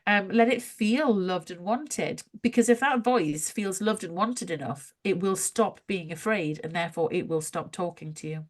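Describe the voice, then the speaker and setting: A woman co-hosting a podcast, chatting casually about spiritual ideas, animated and quick to laugh. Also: lowish voice. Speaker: podcast co-host.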